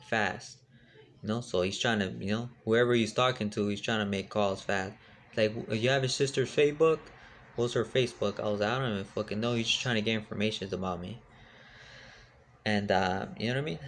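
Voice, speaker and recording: A man's voice: fairly low pitch, vocal fry, a little hiss or hum. A young man casually telling a rambling personal story, full of fillers and street slang.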